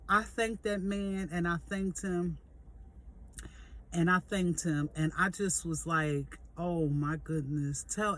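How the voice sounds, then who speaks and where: A woman in her fifties, a vlog host, telling a personal testimony in a lively, jokey, conversational way and speaking straight to her listeners. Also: mid-range voice. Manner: animated, jokey storyteller who acts out quoted voices; conversational, addresses listeners directly. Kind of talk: storytelling testimony.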